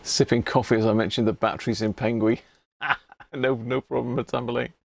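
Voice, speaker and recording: Gravelly bloke chatting on his live stream, reads stuff out, laughs a bit. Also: mid-range voice, fairly even intonation, fairly quick, dry recording. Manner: chatty, chuckling, reads labels aloud. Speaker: livestream host. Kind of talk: casual live-stream chat.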